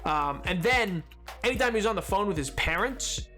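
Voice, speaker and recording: A man's voice: sits high, expressive, moderate pace, bright, forceful tone, faint music behind. A man chatting casually while livestreaming a game, rambling from one thought to the next and laughing often. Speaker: streamer.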